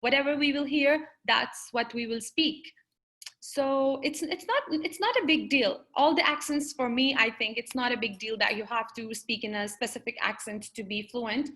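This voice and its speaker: A woman's voice: on the high side, moderate pace, a bit bright. A woman counselling English learners in a webinar, chatty and full of fillers, on a video call. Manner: conversational, many fillers and restarts. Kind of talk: webinar teaching with Q&A.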